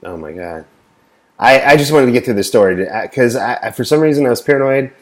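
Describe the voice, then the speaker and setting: A man's voice: mid-range voice, expressive, fast. A man co-hosting a casual gaming podcast, laid-back, laughing easily and asking questions. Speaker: podcast co-host.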